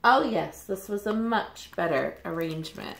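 A woman reading a children's picture book aloud with animated, expressive storytelling, in the manner of a teacher. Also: on the low side, moderate pace, gravelly. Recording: roomy echo.

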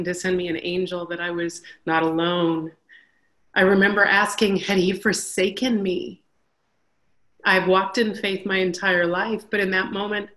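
A woman's voice: fairly low pitch, fairly bright tone. A middle-aged woman from Canada giving a personal faith testimony, earnest and storytelling, with a few fillers. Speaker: reflection speaker.

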